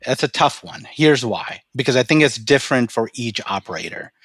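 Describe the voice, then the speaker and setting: Guy on a podcast telling a story, halting, repeats himself, dry sound. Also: mid-range voice, animated, a bit bright, breathy edge, no room sound. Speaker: podcast guest, storage company president. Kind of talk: casual interview talk and storytelling.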